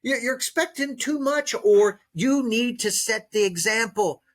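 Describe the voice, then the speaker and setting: A man's voice: very high voice, unhurried. A man, a dog trainer and author, speaking as a guest in a podcast interview, stressing and repeating key words like a coach. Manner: coaching, teacherly.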